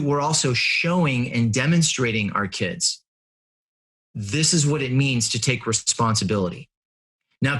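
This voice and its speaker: Earnest, animated middle-aged man. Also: medium pitch. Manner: earnest and animated, acts out quotes, laughs at himself. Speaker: interview guest, family and business coach. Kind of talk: conversational storytelling.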